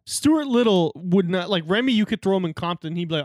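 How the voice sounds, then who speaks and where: A man co-hosting a casual film podcast, animated and jokey, slipping into quick voices when he tells bits. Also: sits high, dry recording, clean studio sound. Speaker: podcast co-host. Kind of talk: casual chat.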